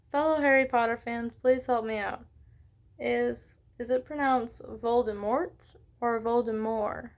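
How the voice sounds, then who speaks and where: Friendly read-along host, woman, slightly high voice, stops often to ask readers questions. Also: steady tone, slow, pauses often. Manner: chatty, stops to ask questions and apologize for slips. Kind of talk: children's book read-aloud.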